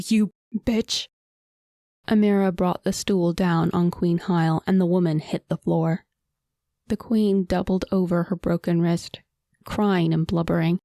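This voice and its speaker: Lower-pitched woman narrating an audiobook. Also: mellow, dry recording, clean studio sound.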